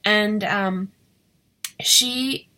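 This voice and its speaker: A woman's voice: mid-range voice, drawn-out words, pushed and bright, a little hiss or hum. A woman talking casually to camera in a vlog, emotional and shaky, rambling with many fillers and restarts. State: shaky and teary. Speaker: direct sales consultant vlogger.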